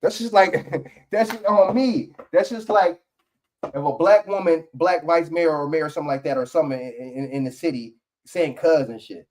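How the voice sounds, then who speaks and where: A man's voice: fairly high pitch, normal speed, a little mellow. A man giving heated, profane reaction commentary on a political video clip.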